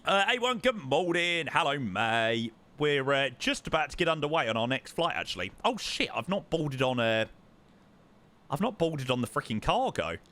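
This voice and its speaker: A man's voice: a little high, very animated, moderate pace, fairly bright tone. A young man chatting casually to his live-stream chat while flying a simulator, repeating words for emphasis. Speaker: livestreamer.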